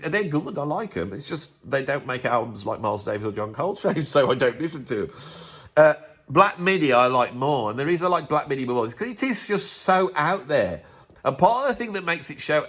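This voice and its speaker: A man talks through albums in a casual, opinionated review. He is blunt and animated, often restarting his sentences. His pitch moves a lot, dropping low and then jumping up when something excites him. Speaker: music reviewer and drummer.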